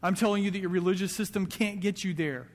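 Male pastor, conversational sermon, higher voice, long hall reverb. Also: fairly even intonation, fast talker. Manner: conversational preaching with quoted asides. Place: church sanctuary.

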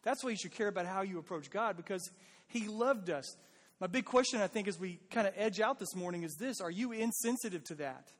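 Man, pastor, earnest sermon, plain talk, slightly high voice, long hall reverb. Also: fairly quick. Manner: earnest, pleading, conversational.

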